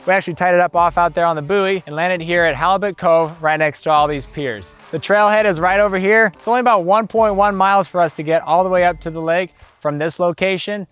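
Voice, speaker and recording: A man's voice: sits high, fairly quick, fairly bright tone, smooth, faint music behind. A young man narrating an outdoor hiking vlog on a forest trail, chatty and informative, speaking into a handheld camera mic. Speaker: vlogger and hiking guide.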